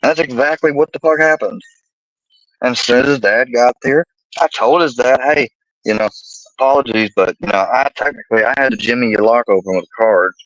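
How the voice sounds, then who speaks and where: A man's voice: mid-range voice, brisk, fairly bright tone, dry recording, rough recording. A young man ranting about a personal dispute, profane and rambling, exasperated. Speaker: vlogger telling a personal story. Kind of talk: heated personal rant.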